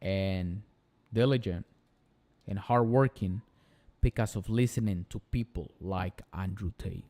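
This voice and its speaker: A man's voice: low voice, a little slow, dark tone. A young man with a Spanish accent hosts a casual live stream. He talks in an earnest, motivational way and stacks repeated phrases for emphasis. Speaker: channel host.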